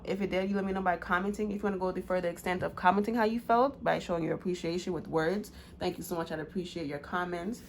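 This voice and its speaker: A woman's voice: mid-range voice, slight background noise. A woman giving a casual pick-a-card tarot reading, loose and slangy with many fillers.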